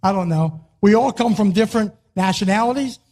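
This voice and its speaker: An older man giving a motivational speech to an audience, emphatic and repetitive, sometimes rising to a shout. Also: high voice, fairly quick. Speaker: motivational speaker.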